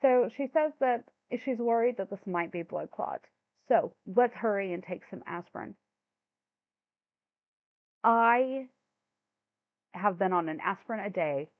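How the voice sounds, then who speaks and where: A woman's voice: medium pitch, measured pace, pauses often, no room sound. A woman hosting a reaction commentary, sounding exasperated and incredulous, stumbling over her words when flustered. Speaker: commentary channel host. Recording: thin phone-like dry sound.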